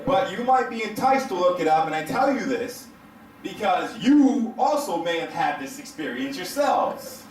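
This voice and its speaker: A man doing stand-up comedy to a live crowd, telling a story in an animated, profane way and laughing through his lines. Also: sits high, moderate pace. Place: hotel event room stage. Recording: echoey room, mic heard from a distance.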